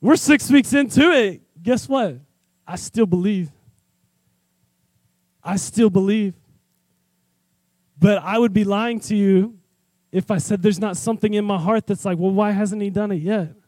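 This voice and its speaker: Brief: conversational male preacher, high voice, acts out the scenes, dry sound. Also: unhurried, long pauses, darkish tone, dry recording. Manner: candid and personal. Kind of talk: sermon.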